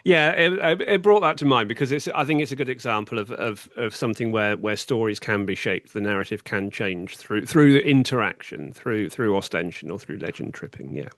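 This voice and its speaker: Thoughtful host, dry sound. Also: male voice, lowish voice, a little fast, hardly any pauses, a bit bright, dry recording. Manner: thoughtful, with frequent restarts. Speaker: podcast host. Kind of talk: casual interview chat.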